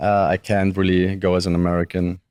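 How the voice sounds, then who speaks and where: A man's voice: low voice, a little fast, clear, resonant tone, no echo. A young man from Germany with a light German accent, chatting casually and easily as an interview guest. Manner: relaxed, chatty, frequent restarts. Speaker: guest, professional wrestler.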